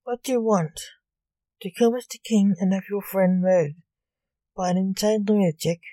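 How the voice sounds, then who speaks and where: A woman voicing a menacing masked male necromancer in a read-aloud story, who delivers his threats slowly and deliberately. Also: medium pitch, dark tone, dry recording, lightly acted.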